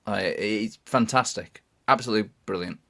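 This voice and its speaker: Man, podcast co-host, low pitch, bright tone, enthusiastic chat. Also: moderate pace, gravelly. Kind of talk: casual chat.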